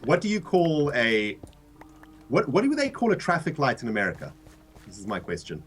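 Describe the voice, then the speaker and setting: Animated South African man telling a story. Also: mid-range voice, normal speed, faint music behind. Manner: animated storyteller, laughs often, restarts. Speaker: co-host of a game livestream. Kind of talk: casual chat, storytelling.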